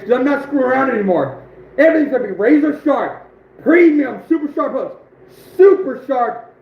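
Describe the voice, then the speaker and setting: Hoarse, fired-up young man telling stories. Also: very high-pitched, reverberant, muffled recording, a little hiss or hum. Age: 20s. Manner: animated, emphatic, repeats phrases. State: going hoarse. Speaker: outdoors channel host. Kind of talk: livestream storytelling.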